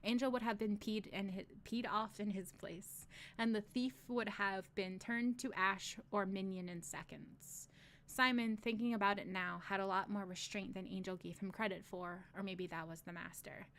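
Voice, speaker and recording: Give me a woman reading a novel aloud on stream, steady but with joking asides. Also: medium pitch, moderate pace. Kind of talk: casual read-aloud with asides.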